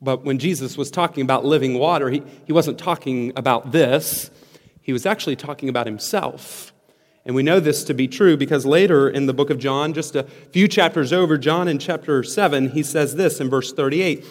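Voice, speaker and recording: A man's voice: mid-range voice, brisk. A man preaching a sermon, emphatic and earnest, often restarting words as he explains. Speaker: pastor. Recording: long hall reverb.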